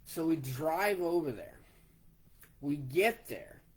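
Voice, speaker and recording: Slow-talking man in his forties telling a story. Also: fairly high pitch, lively intonation, breathy edge. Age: 40s. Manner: slow, plainspoken, retelling step by step. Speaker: vlogger. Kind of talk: personal storytelling.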